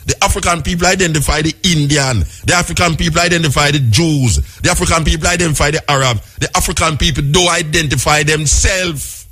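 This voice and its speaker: A man's voice: fairly high pitch, fairly quick, hardly any pauses, pushed and bright, breathy edge, faint music behind. A middle-aged man with a Jamaican accent, delivering an impassioned radio talk monologue as host, firing off repeated rhetorical questions and lists.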